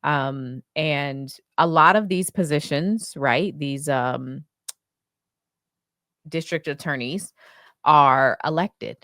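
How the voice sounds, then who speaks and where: A woman with a low, deep speaking voice hosts a casual podcast. She talks with indignant passion, her words dry and close to the microphone. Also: slow pace, fairly bright tone, no room sound. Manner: impassioned, indignant rants. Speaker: podcast host.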